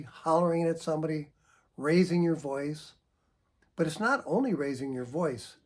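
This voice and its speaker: A middle-aged man, a psychotherapist, giving a measured educational talk, often clearing his throat. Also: on the high side, a little mellow.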